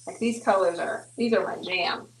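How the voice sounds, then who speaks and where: A woman's voice: mid-range voice, moderate pace. A woman hosting a live painting show, chatting playfully and explaining her steps as she works. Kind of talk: casual live painting chat. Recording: echoey room.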